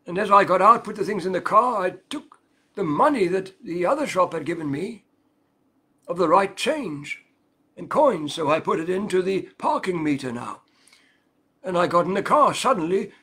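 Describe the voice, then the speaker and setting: A man's voice: high voice, pushed and bright, breathy edge. An older man preaching a sermon, telling a personal story earnestly with emphatic repetition.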